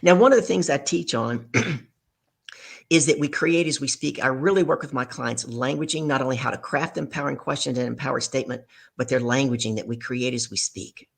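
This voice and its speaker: A middle-aged woman guest telling an animated story in an interview, acting out dialogue as she goes. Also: very deep voice, normal speed, creaky, slightly rough. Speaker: guest speaker.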